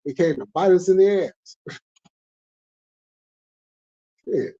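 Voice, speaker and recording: A man's voice: sits high, takes it slowly, mellow, dull audio. A man hosting a casual late-night sports talk stream, ranting heatedly with lots of profanity and laughter. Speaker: host.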